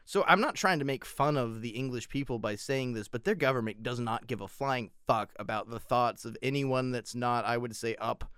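A man's voice: medium pitch, moderate pace, few pauses, a bit bright, smooth, dry recording. American man, podcast co-host, profane rambler, resonant voice, dead-dry mic. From United States. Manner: rambling, profane, laughs a lot. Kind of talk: casual podcast chat.

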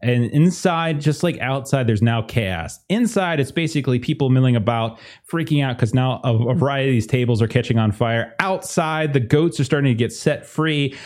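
A young man narrating a tabletop game as game master, chatty and relaxed with many fillers. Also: medium pitch, normal speed, hardly any pauses.

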